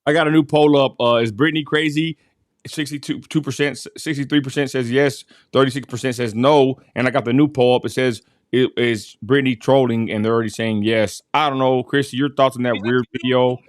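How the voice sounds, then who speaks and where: Relaxed man hosting a talk show. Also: medium pitch, a little fast, dry recording, clean studio sound. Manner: relaxed, laughing, asks for audience comments. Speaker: host. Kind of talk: casual commentary show.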